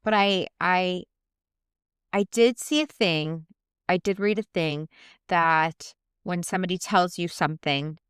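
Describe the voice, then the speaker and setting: A woman's voice: on the low side, unhurried, fairly bright tone, smooth, dry recording, clean studio sound. A woman co-hosting a podcast in casual chat, speaking candidly, swearing freely and acting out quarrels in quoted voices. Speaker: podcast co-host.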